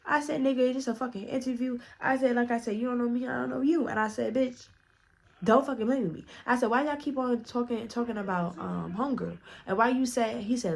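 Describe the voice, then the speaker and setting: A woman's voice: a little high, fairly quick, vocal fry. A woman vlogger telling a storytime in a blunt, profane way, acting out the dialogue as she goes. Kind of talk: casual storytime narration.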